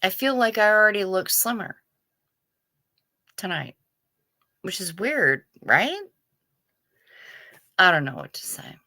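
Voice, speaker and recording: Livestream host: middle-aged woman, slow, bright wry chat, dry close mic. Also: medium pitch, big pitch swings, dry recording. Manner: chatty, wry, self-deprecating. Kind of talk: casual livestream chat reading chat.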